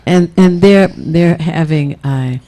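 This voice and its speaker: A woman's voice: low-pitched, slow pace, mellow. A woman telling mocking stories in a casual talk-show conversation. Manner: storytelling, mocking.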